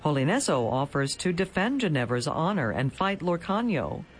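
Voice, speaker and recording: A man giving a scripted narration as a broadcast announcer, measured and polished. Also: a little high, big pitch swings, slight background noise.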